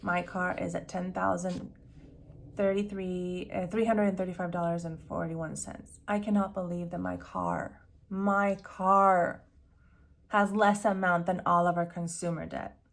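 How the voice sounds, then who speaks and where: A woman's voice: on the low side, flat delivery, measured pace, gravelly. A woman budgeting vlogger talking casually to camera, candid and rambling with fillers, self-corrections, nervous laughs and sighs.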